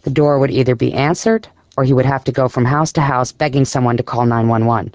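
A man reading a story aloud in a measured, even storytelling voice with a gravelly edge. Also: medium pitch, no echo. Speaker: narrator. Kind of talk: scripted audiobook narration.

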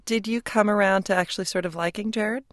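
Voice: medium pitch, fairly even intonation, brisk, a bit bright, dry recording. A radio host reads wry scripted introductions and asks questions in a mid-range voice. The sound is close and dry, like a studio booth. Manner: crisp, wry news delivery. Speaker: radio interviewer. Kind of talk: radio interview and scripted narration.

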